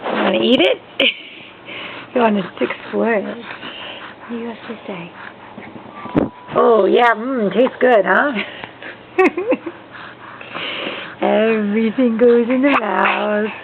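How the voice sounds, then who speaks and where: A young woman talks baby talk to an infant in a playful, cooing sing-song. Her voice sits a little high and carries a gravelly edge, and she draws the words out slowly. The sound is tinny and noisy, like an old home video.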